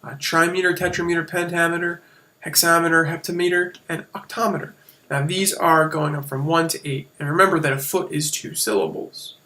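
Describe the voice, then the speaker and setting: Bright-voiced man teaching a casual lesson. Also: a little high, flat delivery, a little fast. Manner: casual, explanatory, with fillers and self-corrections. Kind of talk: screen-share lesson on poetic meter.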